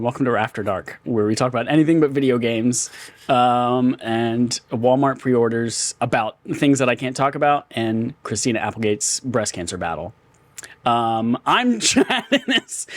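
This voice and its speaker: A man hosting a casual podcast, telling stories with bursts of laughter and lots of animated energy. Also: medium pitch, no echo. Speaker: podcast host.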